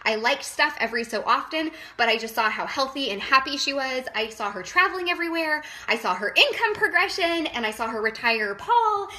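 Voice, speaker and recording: Woman coach in her thirties; a nervous, gushing live-stream talker with a slightly high, bright voice. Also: animated, a little fast, few pauses. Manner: nervous, emotional, chatty with many fillers. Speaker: wellness business coach. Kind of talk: casual live-stream talk.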